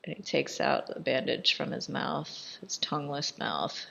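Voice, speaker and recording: A woman giving casual, irreverent commentary over a film, chatty and quick to laugh. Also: deep voice, expressive, gravelly, a bit bright, muffled recording.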